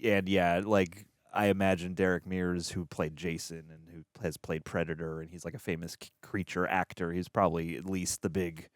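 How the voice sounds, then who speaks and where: A man's voice: low-pitched, little pitch movement, moderate pace, few pauses, no room sound, studio quality. A man co-hosting a reaction show, chatting casually and thinking aloud with lots of fillers. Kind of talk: casual chat.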